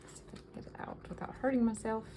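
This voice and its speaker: A woman's voice: on the high side, fairly even intonation, rapid-fire, dark tone, a little hiss or hum, low-quality recording. A woman chatting casually as she shows off vintage yard-sale finds, reading items aloud with enthusiasm. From American South. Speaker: vintage collector vlogger. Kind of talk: casual show-and-tell haul.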